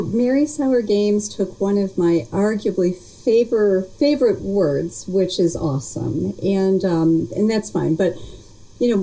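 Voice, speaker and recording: A woman's voice: medium pitch, dark tone, poor audio. A woman being interviewed as a guest, cheerful and thoughtful, laughing often. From United States. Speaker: guest, industry vice president. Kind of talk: casual interview chat.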